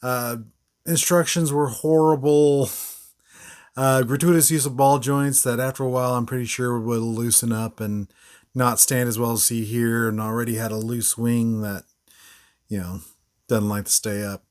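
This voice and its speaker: A man's voice: medium pitch, level tone, normal speed, a little mellow. A man hosting a casual toy review, rambling with frequent fillers and short laughs. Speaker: toy reviewer, channel host.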